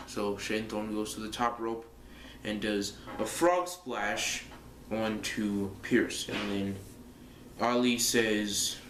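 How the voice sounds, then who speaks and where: A man's voice: on the low side, slow, fairly bright tone, a little hiss or hum. A young man vlogging casually, rambling through a story with lots of fillers and restarts. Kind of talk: casual fantasy-booking monologue. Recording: echoey room.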